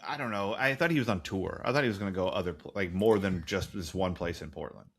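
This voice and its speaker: A man's voice: low voice, fast talker, creaky, a bit bright. A man co-hosting a podcast, recapping a TV episode in a casual, profane, sarcastic way. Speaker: podcast co-host.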